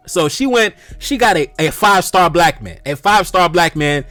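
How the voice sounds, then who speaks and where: A man's voice: high-pitched, expressive, normal speed, a bit bright, no room sound, soft background music. A man hosting a reaction video who preaches to his audience, laughing often and repeating exclamations. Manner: preachy, addresses "brothers" directly. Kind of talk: commentary on social media posts.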